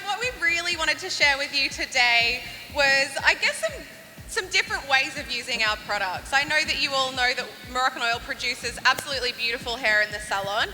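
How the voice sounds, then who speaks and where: A woman's voice: sits high, sharp tone, big-room sound, low-quality recording. A woman hair educator presenting on stage at a trade show in a chatty way.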